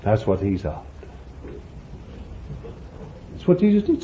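Man preaching a sermon, lively swooping pitch, mid-range voice, lo-fi old recording, faint hiss. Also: takes it slowly, pauses often. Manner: animated, jumps to high pitch for quoted pleas; laughs between points, addresses listeners as beloved.

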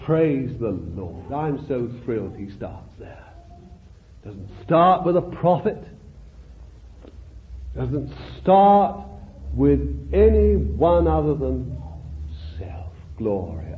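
A man's voice: mid-range voice, sing-song, extremely slow, long pauses, slight background noise. A man preaching a sermon with fervent, rhetorical exclamations. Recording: tinny phone-like old tape recording.

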